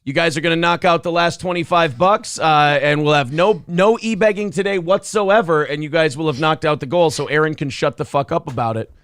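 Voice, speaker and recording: A man's voice: fairly high pitch, a little fast, hardly any pauses, fairly bright tone, clear, resonant tone, no echo, clean studio sound. A man co-hosting a morning talk stream, joking crudely, swearing freely and reading out viewer donations in casual banter. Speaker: podcast co-host.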